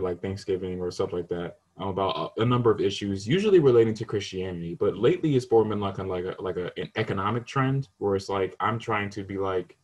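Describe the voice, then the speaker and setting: Husky young man, animated storyteller. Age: young adult. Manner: animated storytelling, imitates family members in high voices. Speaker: student panelist. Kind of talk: casual podcast discussion.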